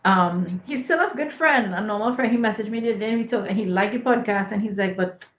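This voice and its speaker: A woman's voice: medium pitch, fast. A woman who co-hosts a podcast and once worked as a school counselor, giving candid advice and repeating her points for emphasis. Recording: echoey, slightly dull remote audio.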